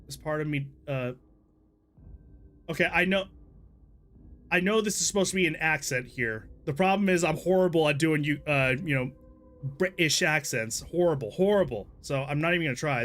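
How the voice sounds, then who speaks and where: A man's voice: on the high side, moderate pace, fairly bright tone. Swearing casual man streamer. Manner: rambling, swears freely, laughs at himself. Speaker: streamer playing a story game. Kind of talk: casual let's-play commentary.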